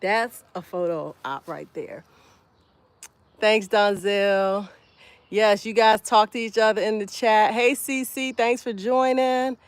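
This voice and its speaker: A woman's voice: medium pitch, takes it slowly, smooth, no room sound. A woman hosting a casual livestream outdoors in her garden, chatting with viewers by name while she harvests. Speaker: homestead livestreamer.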